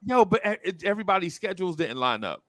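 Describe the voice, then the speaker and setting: A man's voice: sits high, very animated, fast, dry recording. A man from New Jersey hosting a podcast, chatting casually and signing off the show. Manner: laid-back, repeats himself, signs off. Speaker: podcast host. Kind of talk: casual chat.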